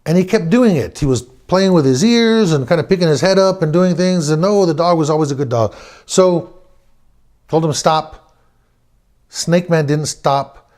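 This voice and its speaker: Guy telling an old family story, lively, does the voices, laughs a lot, voice a bit on the high side. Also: moderate pace. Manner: animated, acts out quotes, chuckles often. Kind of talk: personal storytelling.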